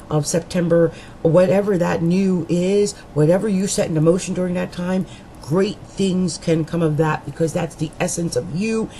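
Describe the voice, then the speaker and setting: A woman's voice: on the low side, mellow, slight background noise, low-quality recording. A woman astrologer giving a monthly horoscope reading in a chatty, meandering way, with frequent fillers and restarts.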